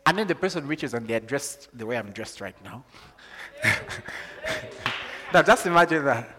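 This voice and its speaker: A man from Zambia preaching a sermon, moving from calm teaching to loud, excited preaching. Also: medium pitch, moderate pace, big-room sound, a little hiss or hum.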